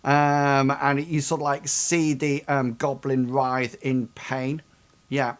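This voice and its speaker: A man running a tabletop game as game master, describing combat with many pauses and restarts. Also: mid-range voice, flat delivery. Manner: hesitant, full of ums and restarts.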